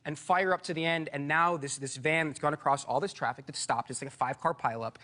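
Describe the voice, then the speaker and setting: A man from Iowa, a guest on a talk show, telling an animated, rambling story in a studio with a lapel mic. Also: on the high side, fast talker. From Iowa, USA. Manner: excitable, rambling with many restarts. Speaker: guest, actor. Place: television studio.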